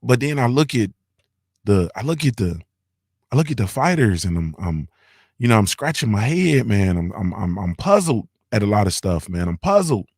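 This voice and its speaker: Guy with a lowish voice riffing on his stream, dry close mic, loose and repetitive. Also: sing-song, moderate pace, a little mellow, breathy edge, no room sound. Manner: loose, repetitive, slangy rant with "you feel me". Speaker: morning show host. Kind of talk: casual streaming commentary.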